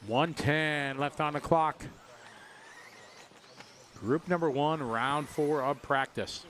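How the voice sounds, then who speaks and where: A jokey, excitable man commentates a radio-controlled car race, chatting between calls. His voice sits a little high. Faint track noise runs underneath. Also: slow pace.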